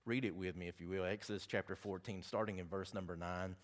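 A man's voice: deep voice, steady tone, quick pace. A man with a Southern accent preaching a sermon, chatty and folksy, with asides between the scripture readings.

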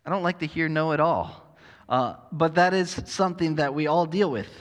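Conversational pastor in a reverberant hall. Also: male voice, on the high side, normal speed. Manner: conversational, self-deprecating humor. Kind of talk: sermon.

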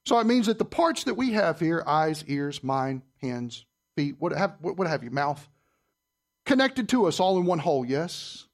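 A man preaching a sermon in church, quizzing his listeners and swinging between loud and soft. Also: fairly high pitch, big pitch swings, normal speed. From Southern United States. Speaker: pastor.

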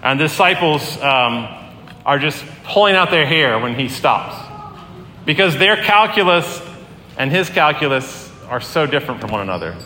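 A man's voice: on the high side, big pitch swings, moderate pace, bright, forceful tone. Earnest preaching man in echoey hall. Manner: conversational, earnest, many fillers. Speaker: pastor. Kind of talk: sermon. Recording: echoey hall, long reverb, faint room noise.

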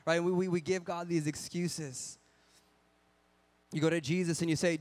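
A man preaching a sermon with a slightly higher voice than most men. He talks in an earnest, conversational way, with lots of rhetorical questions. Now and then he acts out people's excuses in a whiny tone. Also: a little slow, pauses often, darkish tone.

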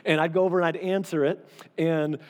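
A man's voice: a little high, steady tone, brisk, a little mellow. A male pastor preaching in a casual, conversational way, often repeating phrases for emphasis. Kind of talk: sermon. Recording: long hall reverb.

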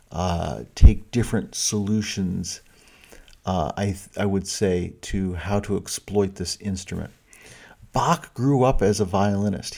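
A man's voice: fairly low pitch, warm tone. A middle-aged man giving a music lecture. He talks thoughtfully, with many fillers and restarts, and counts and sings rhythms aloud to show his points. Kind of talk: explanatory lecture with sung rhythm examples.

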